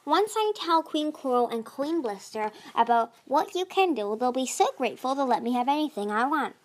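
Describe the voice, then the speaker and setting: A woman's voice: high voice, expressive, moderate pace. A woman doing a haughty, oozy male sea dragon. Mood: haughty, smug. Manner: haughty, drawling.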